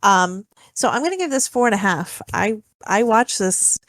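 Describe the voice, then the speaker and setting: A woman's voice: medium pitch, expressive, moderate pace, a bit bright, no echo. A woman co-hosting a podcast in casual chat, rambling with lots of fillers and laughs. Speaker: podcast co-host.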